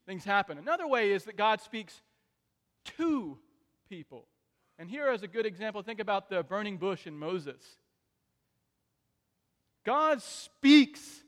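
Brief: high-pitched male preacher, dynamic sermon delivery, long hall reverb. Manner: dynamic delivery, swings between soft asides and loud emphatic peaks.

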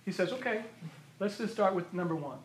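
A man preaching a sermon, emphatic and repeating phrases for stress, his voice going hoarse. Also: high voice, lively intonation, a little fast, a little hiss or hum. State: losing his voice. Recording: roomy echo of a hall.

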